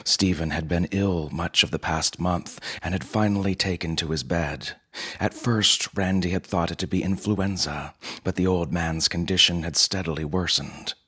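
Man, story narration, very low voice, husky, steady and measured.

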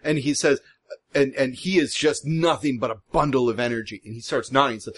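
A man playing a tabletop role-playing game, telling what his character does in a lively way. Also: medium pitch, a little fast, husky. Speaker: player.

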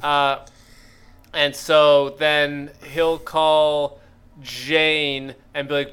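Bright, clear-voiced man riffing comedy. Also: fairly high pitch, level tone, slow. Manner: rambling, riffing with filler words and quoted character bits. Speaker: podcast co-host. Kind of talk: improvised comedy podcast banter.

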